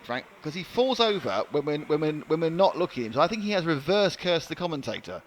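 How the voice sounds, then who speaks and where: A man's voice: on the high side, sing-song, fast. A man doing live race commentary, chatty and joking with his co-commentator. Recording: light background noise.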